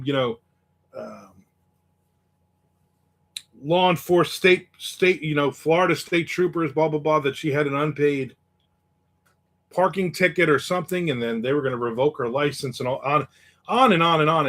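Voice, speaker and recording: A man's voice: a little high, a bit bright. A man hosting a casual live chat, telling stories in a wry, cynical way and reading out viewer comments. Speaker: host.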